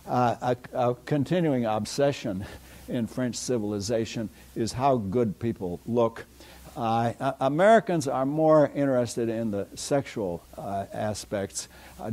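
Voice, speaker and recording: A man's voice: mid-range voice, a little mellow. An older man giving a university philosophy lecture in a rambling, digressive way, full of "uh" fillers. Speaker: philosophy professor. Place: lecture hall. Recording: lecture hall recording.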